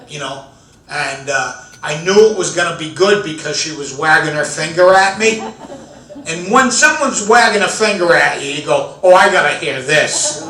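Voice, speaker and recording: A man in his fifties performs stand-up with a bright, high voice, telling self-deprecating stories. He is recorded from some distance in a roomy, echoey hall. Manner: self-deprecating, animated storytelling with audience laughter. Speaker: comedian. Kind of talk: stand-up comedy set. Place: large event room with audience. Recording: echoey room from far off.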